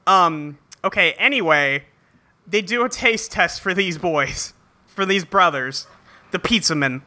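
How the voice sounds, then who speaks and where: Lively, bright-voiced woman podcaster. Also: lowish voice, unhurried. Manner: exclaiming, swearing, dramatic outrage. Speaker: podcast co-host. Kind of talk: casual chat recapping a show.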